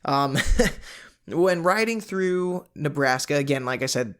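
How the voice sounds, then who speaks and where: A man hosting a podcast, recapping a novel in a casual, conversational way with frequent fillers and animated asides. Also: fairly high pitch, slow, clean tone. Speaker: podcast host.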